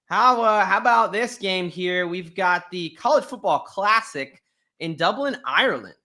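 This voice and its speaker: Man, podcast co-host, hyped delivery, fairly high voice, casual sports chat. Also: lively intonation, sharp tone. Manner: hyped-up, drawn-out hype delivery.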